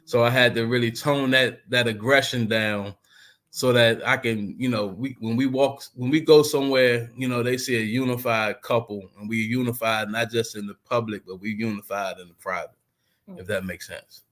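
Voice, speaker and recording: A man's voice: medium pitch, fairly even intonation, normal speed, fairly bright tone. A man speaking animatedly as a guest in a casual conversation over a video call, rambling and emphatic, with many fillers.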